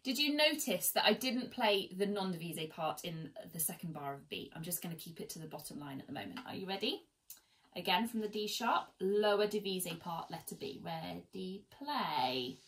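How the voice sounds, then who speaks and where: Bright-voiced woman teaching violin. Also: on the low side, lively intonation, moderate pace, rough recording. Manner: encouraging, chatty, counts students in. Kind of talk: online music lesson. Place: at home, seated. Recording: faint violin in background. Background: violin playing.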